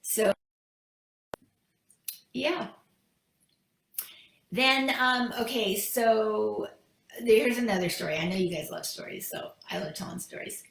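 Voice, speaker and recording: A woman's voice: medium pitch, slow, vocal fry, long pauses, fairly bright tone, reverberant. A woman speaker telling a story to her audience in a casual, chatty way. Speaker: speaker, teacher. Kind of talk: storytelling talk.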